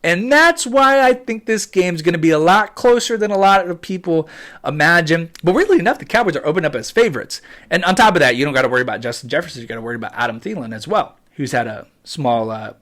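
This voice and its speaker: A man's voice: a little high, lively intonation, quick pace, fairly bright tone. A young man hosting a fan channel, giving a casual pre-game prediction, emphatic and repetitive, pleading at times. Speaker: sports fan channel host.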